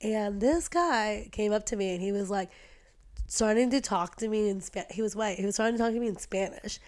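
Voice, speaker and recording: A young woman from Peru chatting casually, animated and acting out quoted people. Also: medium pitch, brisk. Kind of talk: casual chat.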